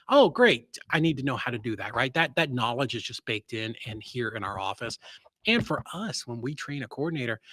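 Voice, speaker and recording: A man speaking as a guest in a casual interview, blunt and self-assured, acting out quoted voices with sudden jumps in pitch. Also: no room sound. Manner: energetic, acts out quoted voices with sharp rises. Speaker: real estate investor and guest.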